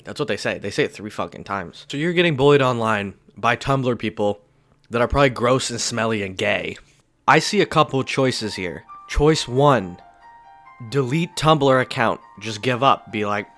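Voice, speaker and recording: A man's voice: medium pitch, animated, moderate pace, a bit bright, faint music behind. Sarcastic, foul-mouthed man ranting. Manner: crude, sarcastic, rambling with frequent swearing. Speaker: commentary YouTuber. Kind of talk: casual cartoon commentary vlog.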